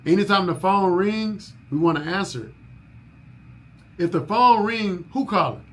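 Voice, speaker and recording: A man's voice: high-pitched, expressive, measured pace. A man leading a staff orientation in a coaching manner, repeating his key points and asking if people follow. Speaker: business owner training new staff.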